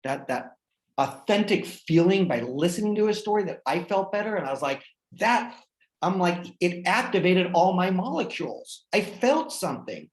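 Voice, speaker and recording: A man's voice: high voice, expressive, normal speed. A man hosting a chat, telling a personal story in an earnest, heartfelt way with lots of fillers. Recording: roomy echo.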